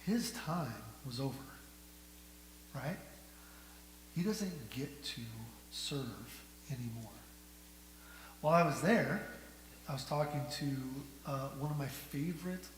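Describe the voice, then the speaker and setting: A male pastor preaching a sermon, asking the congregation rhetorical questions and moving between hushed and loud delivery. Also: on the high side. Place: church sanctuary. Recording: echoey church hall with faint hum.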